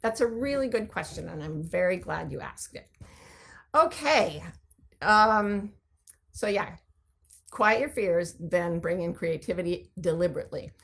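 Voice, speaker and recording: A woman hosting a show who explains ideas in a conversational teaching talk, animated and full of vivid examples while answering listener questions. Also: fairly low pitch, unhurried, gravelly. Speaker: host.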